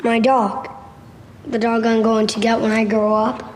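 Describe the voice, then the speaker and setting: A man's voice: high-pitched, unhurried. An eager eight-year-old boy. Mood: hopeful. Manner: excited, calling loudly, disappointed questions. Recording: film clip with roomy reverb and faint noise.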